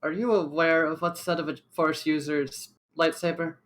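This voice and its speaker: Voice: medium pitch, little pitch movement, moderate pace, fairly bright tone. A player at a tabletop game describing their character's actions and asking questions. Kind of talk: in-character tabletop role-play.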